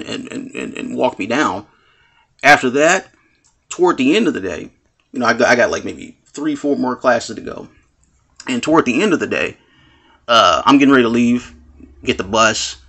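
Man, vlogger. Husky, gravelly voice, rambling casual storytelling, acts out quotes with cursing. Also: mid-range voice, a bit bright. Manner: rambling, full of "you know what I'm saying"; acts out quoted lines with swearing. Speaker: vlogger telling a personal story.

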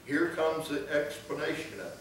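A man preaching a sermon, swinging between loud exclamations and soft, drawn-out storytelling. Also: a little high, animated, slight background noise. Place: church sanctuary. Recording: echoey church room from far off.

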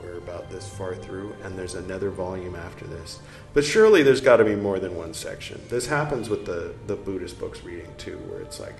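Low-voiced man reading aloud with jokey asides. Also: animated, fairly quick, echoey room, soft background music. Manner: rambling, self-mocking, breaks off to joke. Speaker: podcast host reading a text aloud.

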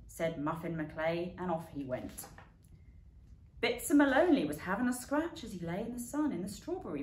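A woman reading a rhyming bedtime story aloud as a lively storyteller who yowls and barks the animal sounds. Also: medium pitch. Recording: echoey room with faint background noise.

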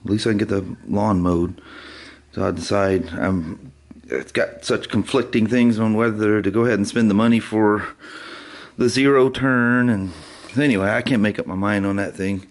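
A man vlogging casually about his day outdoors, rambling and laughing often as he gets excited. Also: lowish voice, moderate pace, dry recording. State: out of breath. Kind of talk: casual vlog talk. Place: outdoors, yard and on a motorcycle. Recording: clear outdoor noise, vehicle sounds.

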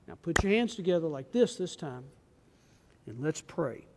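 A man, a pastor gently coaxing small children through a children's message during a church service. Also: a little high, big pitch swings, normal speed. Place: large church sanctuary. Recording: long church reverb.

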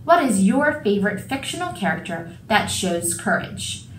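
A woman's voice: medium pitch, very animated, moderate pace, reverberant, a little hiss or hum, rough recording. Encouraging woman reading school announcements. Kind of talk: reading a morning announcement script.

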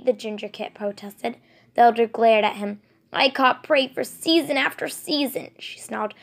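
A woman narrating a storybook in a measured, expressive reading. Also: a little high.

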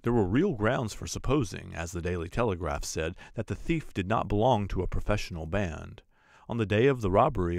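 Brief: male audiobook narrator, very low and gravelly, steady reading. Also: dry recording, studio quality.

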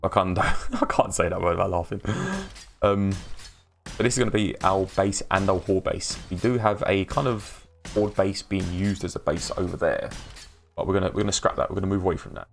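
A man's voice: low voice, fairly quick, gravelly, soft background music. An English man hosting a casual live game stream, rambling, laughing often and greeting viewers in chat by name. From England. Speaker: livestream host.

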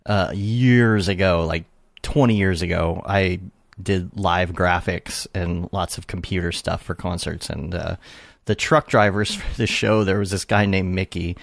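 Low-voiced man hosting a podcast. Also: gravelly, dry recording, clean studio sound. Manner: rambling, laughs often. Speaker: podcast host. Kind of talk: casual podcast chat.

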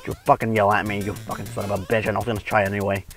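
A man commentating gameplay with a friend, crude and trash-talking, swearing and yelling often. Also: lowish voice, little pitch movement, very fast, soft background music. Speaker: gamer co-host.

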